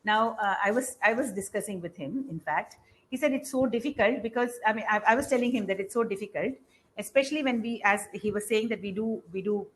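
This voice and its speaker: A middle-aged woman with an Indian English accent giving an unscripted lecture, halting often with fillers and restarts. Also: mid-range voice, slight background noise, poor audio. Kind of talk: academic lecture. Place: lecture hall.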